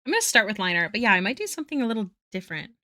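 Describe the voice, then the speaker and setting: A woman's voice: medium pitch, sing-song, rapid-fire, bright, forceful tone, dry recording, clean studio sound. A young woman, chatting casually with her livestream viewers and muttering asides while she draws. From Canada. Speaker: art streamer.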